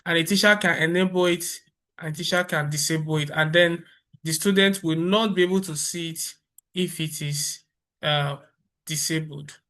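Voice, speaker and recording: A man presenting a software tutorial over a screen recording, explaining step by step in a relaxed way with fillers and restarts. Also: on the high side, moderate pace.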